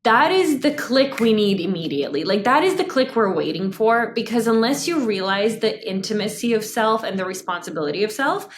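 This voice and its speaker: A woman psychotherapist in her thirties, a guest in a conversational interview, talking in an animated way with lots of "like" fillers and frequent laughs. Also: medium pitch, a little fast, hardly any pauses, a little hiss or hum.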